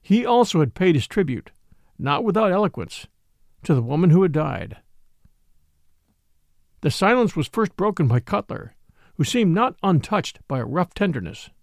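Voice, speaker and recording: Male narrator, scripted audiobook reading; lively, expressive delivery. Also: high voice, normal speed, long pauses, dry recording, clean studio sound. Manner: expressive storytelling.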